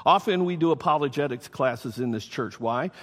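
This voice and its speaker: Speaking at a normal speed with animated delivery, a medium-pitched man preaches to his congregation as their pastor. He reads scripture aloud and addresses the people directly, and the church acoustics sound like a reverberant hall.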